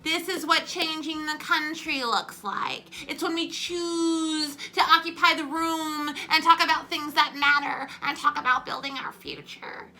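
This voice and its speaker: A woman's voice: high voice, fairly even intonation, measured pace, few pauses, sharp tone, pitched above the performer's own voice, full character voice. A woman impersonating a young woman politician giving a fervent, sing-song rally speech. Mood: rousing. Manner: rising, sing-song oratory.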